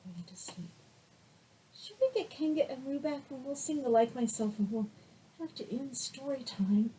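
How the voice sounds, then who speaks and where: A woman, a children's librarian reading picture books aloud to babies in a gentle, soothing, sing-song way. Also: a little high, animated, normal speed, husky, rough recording.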